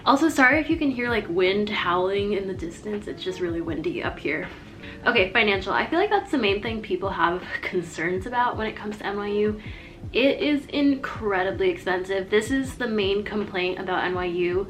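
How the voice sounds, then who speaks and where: A young adult woman, a college student, rambles chattily through a casual advice vlog, saying "like" a lot. Her mid-range voice has lively intonation and a fairly bright tone at normal speed.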